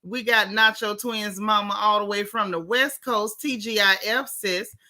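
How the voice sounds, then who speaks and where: A woman hosting a casual livestream, warmly greeting chat viewers one by one by name. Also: medium pitch, fairly even intonation, a little slow. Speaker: livestream host. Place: home in Texas.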